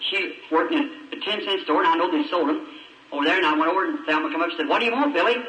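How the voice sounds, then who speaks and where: Brief: folksy male preacher, bright and high-ish voice, distant mic in an echoing church. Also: fast. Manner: folksy, emotional storytelling with quoted voices. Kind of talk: old recorded sermon, storytelling. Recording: distant, echoey, noisy old tape.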